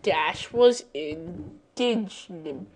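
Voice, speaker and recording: A woman's voice: on the low side, expressive, very slow, darkish tone. A woman reading a fan fiction aloud, breaking off often for exasperated, sarcastic asides. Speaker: story reader.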